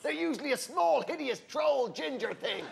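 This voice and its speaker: A man's voice: very high voice, lively intonation, moderate pace, creaky, heavy background noise. An Irish man on a comedy panel, teasing and sardonic in his banter.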